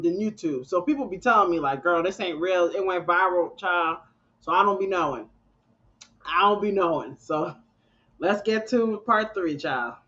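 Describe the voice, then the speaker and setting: A woman's voice: mid-range voice, a bit bright. A woman, reacting live to a clip with laughing, exclaiming, slangy asides. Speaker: reaction streamer. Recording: dull lo-fi audio.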